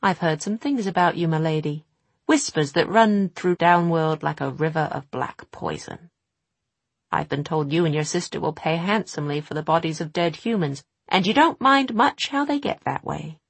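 A woman's voice: sits low, normal speed, breathy edge, no room sound. A woman voicing a cocky young male warrior in a storybook, dry and sardonic.

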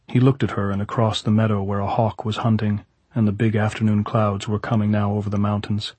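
A man in a studio narrating an audiobook in a measured, steady reading. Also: fairly low pitch, husky, no echo.

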